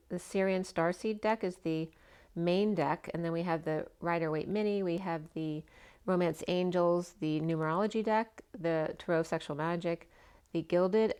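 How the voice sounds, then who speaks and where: A woman giving a casual spoken tarot reading, chatty and meandering, her voice slightly hoarse. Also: fairly low pitch, a little mellow. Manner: chatty, meandering, full of asides. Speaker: tarot reader.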